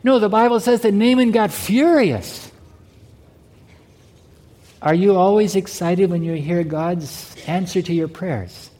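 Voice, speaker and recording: A male pastor with a high but mellow, dark-toned voice preaches slowly and pauses often, repeatedly asking his congregation if they heard him. His rhetorical questions ring through a church sanctuary with the long reverb of a large hall.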